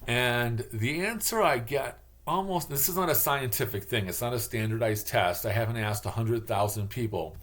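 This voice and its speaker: A channel host from Michigan, speaking with a Michigan accent, has a medium-pitched, slightly bright voice and a moderate pace with few pauses. He rambles through a casual, digressive monologue, acting out the voices he quotes.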